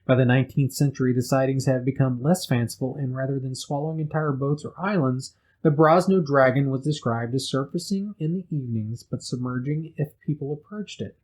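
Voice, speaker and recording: A man's voice: mid-range voice, brisk, few pauses, darkish tone, low-quality recording. A man co-hosting a casual podcast, reading out legends and cutting in with wisecracks. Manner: jokey, interrupts with wisecracks. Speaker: podcast co-host. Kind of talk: casual chat, reading news.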